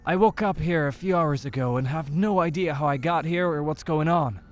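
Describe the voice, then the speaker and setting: A man voicing a lost, agitated stranger in a horror story who speaks loudly and urgently. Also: medium pitch, moderate pace, soft background music, pitched above the performer's own voice, close to an everyday voice. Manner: loud and urgent. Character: lost young man, agitated and pressing for answers.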